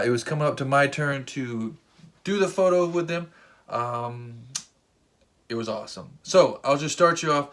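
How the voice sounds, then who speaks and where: A man vlogging a casual, rambling story, excitable, with lots of fillers and restarts. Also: medium pitch. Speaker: vlogger and wrestling fan.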